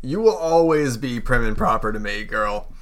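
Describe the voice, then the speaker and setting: A man's voice: medium pitch, lively intonation, moderate pace, a bit bright, natural voice. A man voicing a blunt, cynical male soldier who leads escorts, teasing and plain-spoken in a tabletop game.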